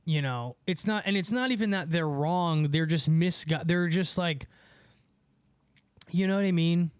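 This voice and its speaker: A man's voice: a little high, a little slow, smooth, dry recording. A man hosting a live call-in stream, talking casually and rambling with many fillers and restarts while reading chat comments. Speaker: host of a live call-in show.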